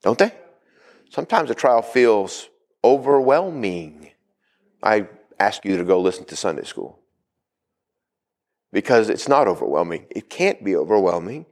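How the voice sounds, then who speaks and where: A man's voice: lowish voice, sing-song, measured pace, long pauses, a little mellow. A male pastor preaching a sermon, calling out to the congregation for responses.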